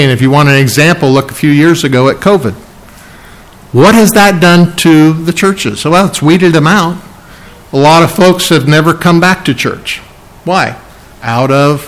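A man delivers a sermon from the pulpit in a somewhat high-pitched voice. He is emphatic and repeats phrases for weight. At tender moments he drops to a soft hush. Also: poor audio. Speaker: pastor.

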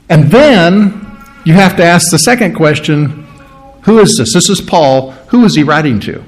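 A pastor teaching an expository sermon, explaining the meaning of each word and asking rhetorical questions, with fillers and throat clearing. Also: male voice, a little high.

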